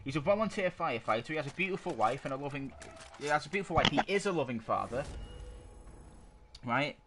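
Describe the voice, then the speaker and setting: A man's voice: on the high side, animated, fast talker, sharp tone. A man co-hosting a casual podcast, arguing his opinions in a rambling way and often stopping to search for words. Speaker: podcast co-host. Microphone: desk microphone. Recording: noisy amateur podcast recording.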